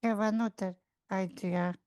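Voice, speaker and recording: A young adult woman playing a tabletop game, speaking haltingly and searching for English words. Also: mid-range voice, steady tone, darkish tone. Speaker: player. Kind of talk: casual game chat.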